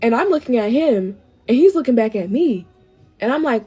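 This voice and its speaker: A woman's voice: a little high, animated, normal speed, mellow, breathy edge, faint music behind. A young woman chatting casually to her viewers as she tells a storytime while doing her makeup. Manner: chatty, keeps addressing viewers as y'all. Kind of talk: casual get-ready-with-me storytime.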